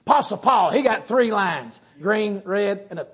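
High-voiced Southern preacher man, folksy. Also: moderate pace, husky. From Southern United States. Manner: folksy, joking, animated preaching. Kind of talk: sermon.

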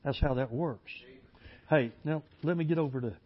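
A man's voice: on the high side, normal speed. Folksy preacher man, lo-fi. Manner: folksy and plainspoken, rising to loud emphatic preaching. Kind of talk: folksy storytelling sermon. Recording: dull lo-fi recording.

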